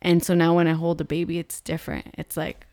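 A woman's voice: low voice, little pitch movement, fairly quick, dark tone, no echo, studio quality. A woman in her thirties, a mother co-hosting a vlog, talking earnestly and openly about her feelings with many casual fillers. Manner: earnest and open, with frequent fillers. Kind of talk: candid personal vlog talk.

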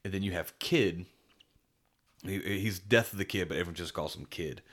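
A man's voice: sits low, moderate pace, a bit bright. A man co-hosting a podcast, chatting casually and enthusiastically, rambling with many restarts. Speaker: podcast co-host. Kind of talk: casual chat.

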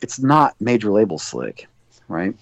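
A man's voice: on the low side, sing-song, a little slow, no room sound. A man guesting on an interview show, telling long rambling stories full of fillers and acting out quoted dialogue. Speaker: guest, record producer. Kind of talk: casual interview storytelling. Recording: dull lo-fi dry sound.

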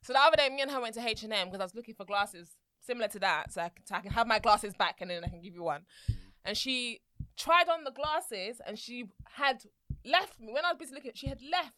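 A woman's voice: fairly high pitch, fast talker, sharp tone, dry recording. A woman co-hosting a podcast, chatting casually and laughing as she tells stories. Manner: laughs while telling stories. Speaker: podcast co-host. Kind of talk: casual chat.

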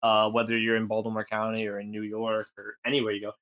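A young man co-hosting a podcast rambles through a comic story loaded with fillers, putting on voices for the anecdotes in casual comedic storytelling. He talks fast in a monotone, his voice fairly low in pitch with a fairly bright tone.

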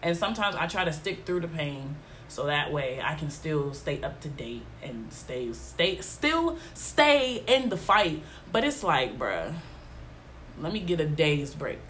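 A young woman with a low-pitched voice chats on her own podcast, stuffy and congested from allergies. She talks in an emphatic, exasperated way, leaning on slangy fillers as she goes. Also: lively intonation, moderate pace, slight background noise. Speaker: podcast host. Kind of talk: casual solo podcast chat.

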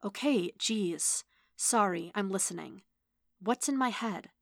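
A woman voicing an impatient, sharp-tongued female android, speaking in urgent, exasperated bursts. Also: medium pitch, takes it slowly, gravelly, no room sound, clean studio sound. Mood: snippy.

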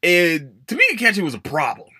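A man hosting a casual sports podcast, ranting emphatically with plenty of swearing and sudden high-pitched emphasis. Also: huge pitch swings, a little fast, bright, forceful tone, breathy edge, no room sound, studio quality. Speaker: podcast host.

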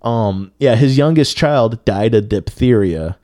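A man's voice: medium pitch, expressive, measured pace, dark tone, dry recording, studio quality. A man co-hosting a podcast, telling a story in a loose, profane way with lots of filler words. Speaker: podcast co-host. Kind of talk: casual storytelling chat.

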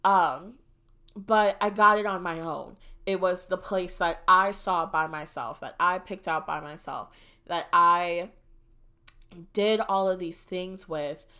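A young woman hosting a podcast, telling a personal story in a casual, animated and dramatic way. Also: on the low side, slow. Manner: animated and dramatic, shrieks when reliving moments. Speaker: podcast host.

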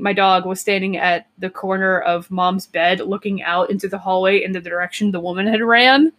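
A young woman co-hosting a podcast tells a story casually and ramblingly, with lots of "like" and "um" and quick laughs. Her voice is medium-pitched.

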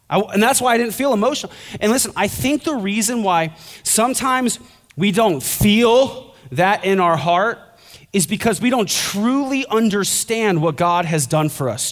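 Young guy pastor preaching, chatty and jokey then really fired up, kinda high voice. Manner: conversational and joking, building to fervent intensity. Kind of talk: sermon.

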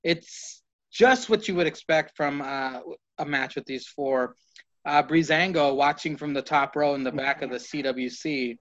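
A man's voice: fairly high pitch, a little slow, a bit bright. A man co-hosting a podcast, giving a hesitant, offhand wrestling recap with many ums. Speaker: podcast co-host. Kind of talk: casual wrestling recap chat. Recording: dull lo-fi mic.

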